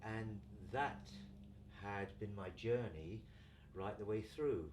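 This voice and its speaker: A deep-voiced older man from England recounts his journey in a reflective, unhurried way. He sits some distance from the mic, and a clear background noise runs under his voice. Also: darkish tone. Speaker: guest, community founder. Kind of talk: relaxed storytelling interview.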